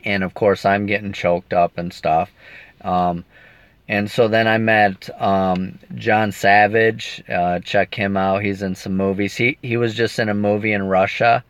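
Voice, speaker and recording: A man's voice: lowish voice, fairly even intonation, unhurried, smooth, no room sound. A man giving a rambling, emotional update to his viewers while sitting in a car, stopping now and then to read their comments. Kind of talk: casual video update. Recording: dull lo-fi sound.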